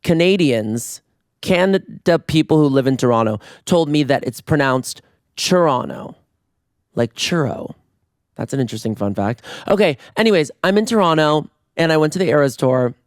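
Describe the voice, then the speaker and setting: A man hosting a casual solo podcast, playful and campy, breaking into screams, his voice going hoarse. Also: medium pitch, animated, brisk, no echo, clean studio sound. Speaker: podcast host. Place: residence room in Toronto. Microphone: podcast mic on video.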